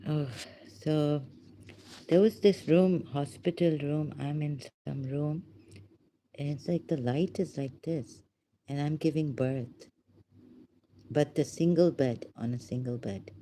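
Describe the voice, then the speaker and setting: A woman talks slowly in a deep, dark voice, pausing often and sinking into whispers. She sounds overwhelmed and emotional. A faint hiss sits under her voice. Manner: halting, hushed, often breaks into whispers. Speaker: vlogger. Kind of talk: unscripted spoken reflection.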